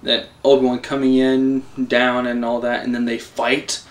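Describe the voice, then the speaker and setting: A young man giving a casual, excitable, rambling film review, swearing and laughing as he goes. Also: medium pitch, normal speed. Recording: voice a bit distant from the mic.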